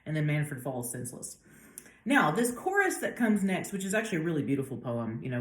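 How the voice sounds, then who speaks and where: Woman, low voice, casual literature lecture, echoey room. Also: a little fast. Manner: casual, animated paraphrasing with slang. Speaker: literature professor. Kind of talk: lecture with dramatic readings.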